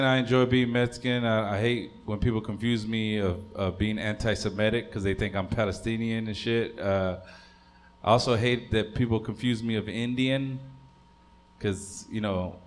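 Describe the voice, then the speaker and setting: A man's voice: fairly low pitch, fairly even intonation, moderate pace, slight background noise. A man in his thirties doing a stand-up comedy set, rambling and crude, stopping on fillers. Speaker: stand-up comic.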